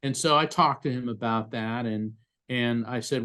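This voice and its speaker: A man appearing as a guest, a psychic medium, talking earnestly and telling animated stories in a conversational interview. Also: medium pitch, normal speed.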